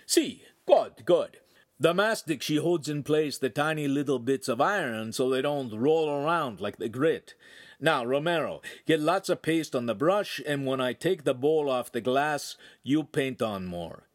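A man's voice: mid-range voice, lively intonation, unhurried, voice pushed up, lightly acted. A man voicing a cheerful, bossy master craftsman with an Italian accent and broken English.

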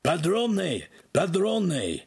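A man voicing a stout young male servant with a harsh, raspy voice. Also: high-pitched, huge pitch swings, drawn-out words, a little mellow, pitched above the performer's own voice, heavily acted. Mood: frantic.

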